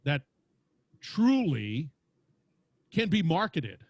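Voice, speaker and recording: A man with a big booming voice telling stories animatedly as a podcast guest, acting out quotes as he talks. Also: sing-song, extremely slow, no echo. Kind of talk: lively storytelling interview. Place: home studio with lights.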